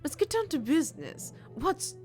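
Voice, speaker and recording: A woman voicing a suave, polite male fox gentleman with a light French flair, reading game dialogue aloud. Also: on the low side, sing-song, moderate pace, soft background music. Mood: courtly. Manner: smooth, polite, theatrical.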